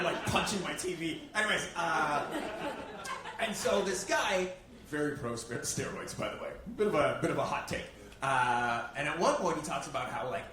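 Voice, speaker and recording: A man performing a self-mocking stand-up comedy set on a club stage, swearing freely as the audience laughs. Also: fairly high pitch. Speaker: stand-up comic. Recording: roomy live-club sound, mic heard from a distance.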